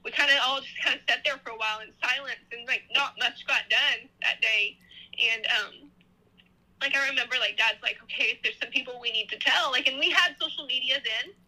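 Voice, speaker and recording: A woman's voice: sits high, fairly quick, bright, forceful tone, poor audio. A woman in her thirties, a podcast guest, telling a personal story in a casual, rambling way with many restarts.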